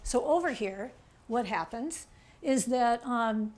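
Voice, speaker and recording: A woman author giving a chatty, animated presentation to an audience, pointing things out on a chart and checking in with "okay?". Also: a little high, slow. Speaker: author giving a public talk.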